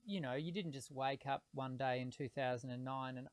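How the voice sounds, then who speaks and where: A man's voice: medium pitch, steady tone, fairly quick, no room sound. A man hosting an interview about singing, asking long questions with many restarts. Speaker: podcast host, singing teacher. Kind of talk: conversational interview.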